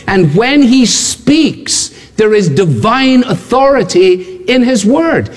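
A man's voice: high-pitched, big-room sound. A man preaching a sermon, emphatic and building his points through repeated phrases and rhetorical questions to the congregation. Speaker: pastor.

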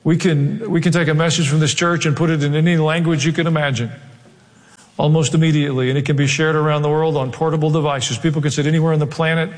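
A man's voice: fairly high pitch, little pitch movement, fast, in a large hall. A man with a Southern US accent, preaching a sermon as a pastor in an earnest, emphatic manner.

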